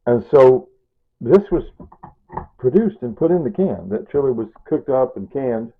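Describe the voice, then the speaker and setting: A man's voice: medium pitch, expressive, unhurried, husky. A middle-aged man from Kansas chatting casually in a home cooking vlog, rambling into asides and asking "right?" and "see?" as he goes. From Kansas, USA. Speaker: vlogger. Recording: tinny phone-like sound.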